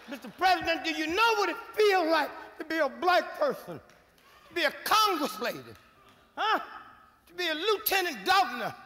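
A man giving a comic, rousing speech to a live audience, telling folksy stories and prodding the crowd with rhetorical questions. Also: very high-pitched. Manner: folksy storytelling with loud punchlines. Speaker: panel speaker. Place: large auditorium. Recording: echoey hall, faint crowd and noise.

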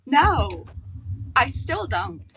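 A woman from South Africa, an actress chatting as a guest on a video call, telling stories with animated delivery. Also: high voice, extremely slow, gravelly, a little hiss or hum, poor audio. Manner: animated storyteller, acts out her own accent. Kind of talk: casual interview chat.

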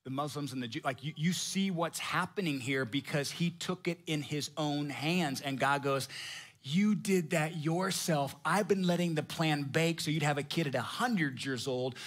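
A man preaching as pastor, energetic and conversational, joking with slang. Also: a little high, moderate pace, hardly any pauses. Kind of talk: sermon.

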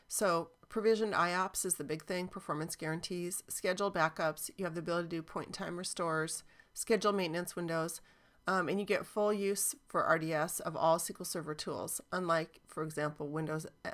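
A woman's voice: fairly low pitch, a bit bright. A woman teaching cloud databases in a chatty, enthusiastic screen-recorded walkthrough, with frequent ums.

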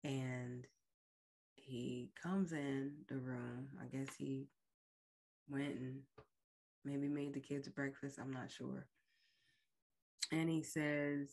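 Slow, low-voiced woman telling her story. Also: fairly even intonation, creaky, darkish tone. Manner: slow, emotional, frank retelling. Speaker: podcast host. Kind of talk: personal storytelling.

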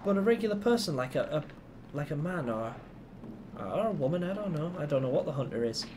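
Male gamer, higher voice, excitable sweary commentary over clear game sound. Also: brisk, background noise. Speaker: gaming YouTuber. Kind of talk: let's play commentary.

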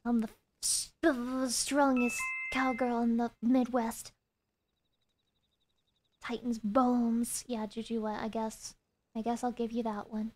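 A woman's voice: a little high, flat delivery, takes it slowly, slight background noise. Playful, sarcastic young woman streamer. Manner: playful, sarcastic, breaks into hushed ASMR-style whispers. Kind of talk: casual gameplay commentary.

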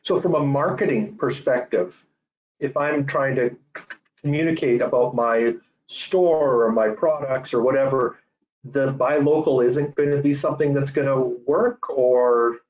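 A man's voice: mid-range voice, steady tone, measured pace, darkish tone. A man hosting a webinar, asking questions in a casual, informal way. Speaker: webinar host. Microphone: video call. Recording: lo-fi webinar audio.

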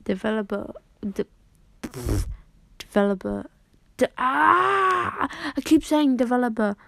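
A young woman streaming a game, chatting in a rambling, excitable way and giggling often. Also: fairly high pitch, normal speed, creaky. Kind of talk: casual live-stream chat.

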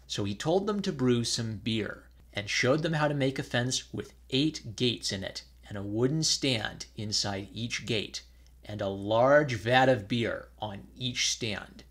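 A man's voice: medium pitch, measured pace, a bit bright. Man reading an old fairy tale. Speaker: storyteller.

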